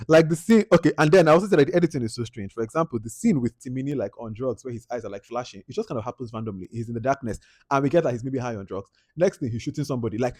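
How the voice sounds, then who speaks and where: A man giving a casual film review, animated and exasperated as he acts out his own reactions. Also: medium pitch, no echo, clean studio sound. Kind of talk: casual movie review monologue.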